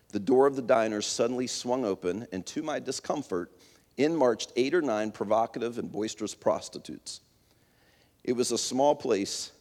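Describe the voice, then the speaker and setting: A man's voice: medium pitch, a little mellow, long reverb tail. A man reading a story aloud to an audience, telling it in an earnest storytelling manner. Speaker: speaker.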